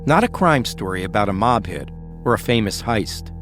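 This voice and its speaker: Male narrator, scripted documentary voice-over, lively intonation, music underneath. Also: lowish voice. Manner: measured, storytelling. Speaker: podcast host and narrator.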